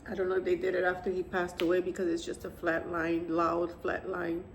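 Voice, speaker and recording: A woman in her fifties, a grieving mother, telling the story of her son's death to camera in a soft, halting, tearful way. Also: lowish voice, completely flat delivery, gravelly, slight background noise. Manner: soft, halting, tearful retelling with quiet pauses. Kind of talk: emotional personal testimony to camera.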